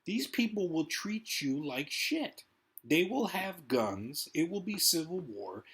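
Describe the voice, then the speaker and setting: A man's voice: fairly high pitch, sing-song, fairly bright tone, husky. A man delivering a rambling, profane political rant as a vlogger. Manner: rambling, profane, fast-talking. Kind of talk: ranting political monologue.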